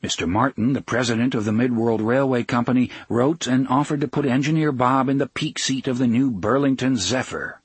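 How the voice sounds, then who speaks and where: Husky-voiced man reading a storybook. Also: medium pitch, brisk, hardly any pauses, dry recording. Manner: expressive, storytelling cadence. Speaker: narrator.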